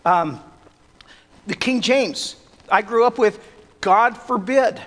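Guy preaching a sermon, kinda high voice, big echo tail from the church hall. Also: animated, slow. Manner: earnest preaching that rises to loud emphatic peaks. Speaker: pastor. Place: church sanctuary. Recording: long reverb of a church hall.

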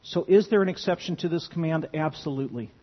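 Heard through dull, lo-fi audio with a long hall reverb, a pastor delivers his sermon fast in a slightly high male voice. He is earnest and emphatic and frequently starts phrases over.

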